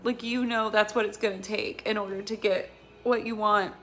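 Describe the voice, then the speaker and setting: A woman's voice: on the high side, steady tone, normal speed, fairly bright tone, soft background music. A woman giving a casual intuitive tarot reading, talking in a rambling, earnest and emotional way with many fillers. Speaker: tarot reader.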